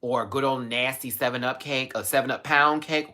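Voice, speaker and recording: Bright-voiced man gushing on a live stream. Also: a little fast. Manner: animated, gushing, sudden high squeals. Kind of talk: casual live stream chat. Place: home, in Los Angeles.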